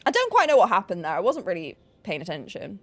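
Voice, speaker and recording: A woman's voice: lowish voice, huge pitch swings, fast, dry recording. A woman from Yorkshire with a northern English accent, chatting and teasing her viewers in a casual live stream while she plays a game. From Yorkshire, England. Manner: chatty, teasing, jokey banter with chat.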